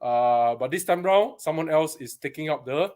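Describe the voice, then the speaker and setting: A man's voice: on the high side, animated, normal speed, darkish tone. A man from Singapore with a Singaporean English accent, hosting a casual live stream from a paintball shop, chatty and greeting viewers by name.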